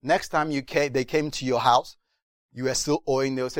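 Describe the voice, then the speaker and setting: A man's voice: medium pitch, brisk, dry recording. A man preaching a sermon, telling stories animatedly and acting out voices. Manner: animated storytelling with acted voices.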